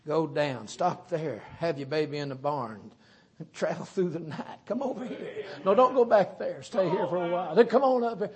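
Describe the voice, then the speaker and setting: A middle-aged man with a Southern US accent preaching a sermon in a folksy, joking, animated way. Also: fairly high pitch, moderate pace. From Southern United States.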